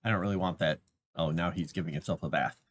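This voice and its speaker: A man's voice: deep voice, fast talker, dry recording. A man rambling casually on a livestream, chatting to his cat between thoughts.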